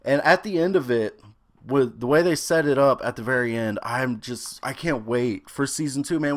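A young adult man giving a casual, rambling review of a series, excitable and swearing freely. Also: mid-range voice.

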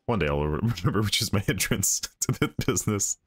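A man's voice: on the low side, expressive, quick pace, fairly bright tone, a little hiss or hum. A man co-hosting a casual let's-play, chuckling and laid-back as he reads and comments. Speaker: co-host playing a video game. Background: game music.

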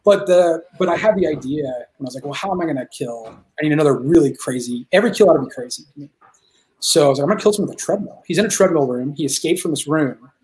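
A man talking as a guest filmmaker in a casual interview, excited and rambling, swearing freely as he tells stories. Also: fairly high pitch, fast talker.

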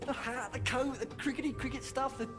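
A man's voice: extremely high pitch, fairly even intonation, a little fast, music in the background. An actor playing a quirky, fussy alien man who rambles whimsically in a TV series. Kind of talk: TV series acting. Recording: TV clip with score underneath.

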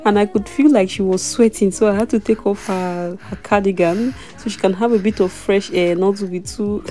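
A woman's voice: medium pitch, fairly even intonation, moderate pace, mellow. A young adult woman chatting casually in a voice-over about her baby's ear piercing, breaking into small laughs.

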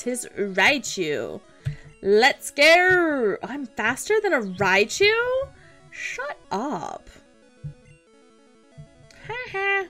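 A woman's voice: on the high side, fairly bright tone. A woman hosting a gaming channel, giving chatty, playful commentary on her own play and exclaiming often. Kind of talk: casual game commentary.

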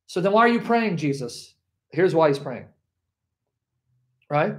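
A man with a high voice preaches with fervent energy, his delivery swinging between loud bursts and hushed moments. He teaches Scripture straight to his viewers and keeps checking in with them as he goes. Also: big pitch swings, measured pace, long pauses. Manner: talks straight to viewers with frequent check-ins. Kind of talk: impassioned Bible teaching to a live audience.

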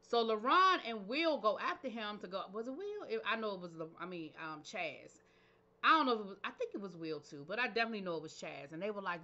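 A woman's voice: mid-range voice, very animated, fast, sharp tone, lo-fi sound. A woman hosting her own channel, recapping a reality show episode in a casual, opinionated way with slangy asides. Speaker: TV show reviewer, channel host.

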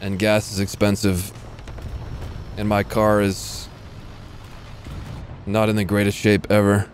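A man's voice: lowish voice, completely flat delivery, slow pace, slight background noise. A male streamer giving casual, chatty live commentary while he plays, answering his chat between moments of the match.

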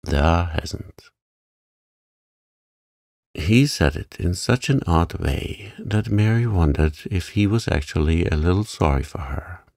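A man reads a sleep story in a calm, gentle way. His voice is very low and gravelly, with a slow pace, and he is recorded close on a dry mic. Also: dry recording.

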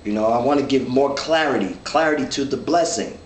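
A man's voice: mid-range voice, fairly quick, slight background noise. A man leading a men's Bible study, reading scripture and explaining it in an earnest, thinking-aloud way with many restarts. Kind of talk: informal Bible teaching. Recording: echoey room, mic at a distance, faint ambience.

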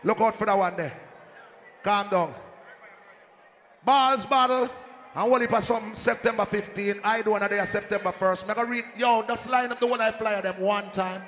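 A man with a Jamaican accent hyping a live dance as sound system selector, shouting and joking with the crowd over a handheld mic. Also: sits high, steady tone, moderate pace. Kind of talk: live hype talk at a dance. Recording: echoey hall, faint crowd noise.

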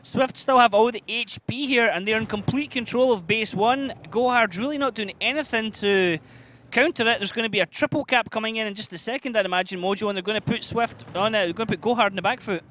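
A man giving quick, excitable live play-by-play as an esports caster. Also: sits high, a little hiss or hum.

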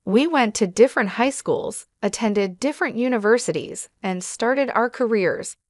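A woman reading a first-person story aloud as scripted narration, in a steady, measured way. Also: fairly high pitch, no echo, studio quality.

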